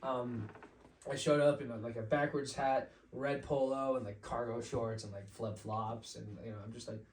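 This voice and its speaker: A man's voice: medium pitch, steady tone, normal speed, darkish tone. A young man, a podcast guest and DJ, telling a story in casual chat, rambling with lots of "like" and acting out the voices of others. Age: young adult. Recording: echoey room, mic at a distance, faint hiss.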